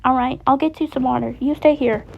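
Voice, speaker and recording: A bashful, upbeat animatronic wolf girl, as a woman reads her, her voice raised and a little loud. A gravelly edge runs through it. The sound is dull and lo-fi. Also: sits high, steady tone, fairly quick.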